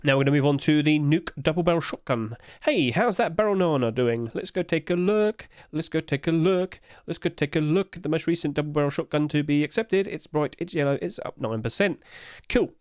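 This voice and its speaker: A man's voice: on the high side, lively intonation, a little fast, no room sound, studio quality. A man hosting casual commentary, chatty and hedging, with apologetic asides, recorded at home on a desk mic. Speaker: host.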